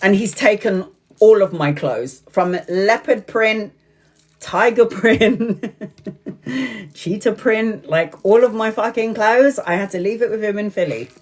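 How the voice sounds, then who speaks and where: A chatty woman hosting a live tarot reading, laughing often as she goes. She slows down and draws out her words when she wants to stress something, in a voice of ordinary middle pitch. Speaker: tarot reader.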